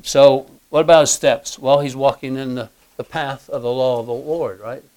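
A man teaching verse by verse from the Bible, halting with many fillers and clearing his throat often, reading scripture aloud in older English. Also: mid-range voice, fairly even intonation, a little mellow.

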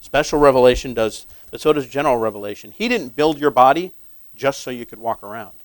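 A man preaching a sermon in a conversational way, asking his listeners questions and growing loud and emphatic on key points. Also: mid-range voice, lively intonation, brisk, dry recording, low-quality recording. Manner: conversational, asks the audience questions; grows emphatic and loud when stressing points.

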